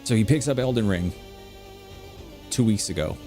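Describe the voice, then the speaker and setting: This middle-aged man's voice is lowish, dark in tone and expressive, at a moderate pace. He gives casual commentary while gaming, rambling through filler-heavy anecdotes over faint background music.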